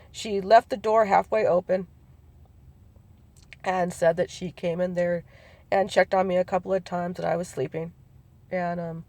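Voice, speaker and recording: A woman's voice: on the low side, gravelly, a little mellow, no room sound. A middle-aged woman telling a personal family memory, hesitant and rambling with many ums and restarts, acting out what relatives said. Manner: acts out quoted relatives in her telling. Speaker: family storyteller. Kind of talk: personal recollection.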